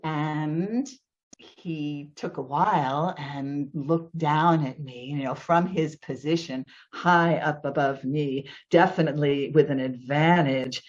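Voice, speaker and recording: A woman's voice: low voice, takes it slowly. A woman telling a personal story to an audience, vivid and emotional, her voice jumping up at tense moments. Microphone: video call. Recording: slightly dull video call audio.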